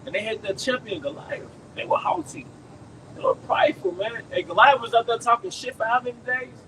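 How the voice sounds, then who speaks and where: A man preaching to a camp outdoors in loud, emphatic street slang. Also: very high-pitched, lively intonation, fairly quick. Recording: distant mic, traffic noise outdoors.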